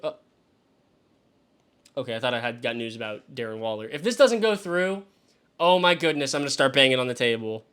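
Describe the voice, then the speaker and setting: A man hosting a live stream as he works through a mock draft, talking to himself and swearing freely. He swings between exasperated yelps and low mutters. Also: very animated, a little fast, long pauses, a bit bright, clear, resonant tone. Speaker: fantasy football show host. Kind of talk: live-streamed solo commentary.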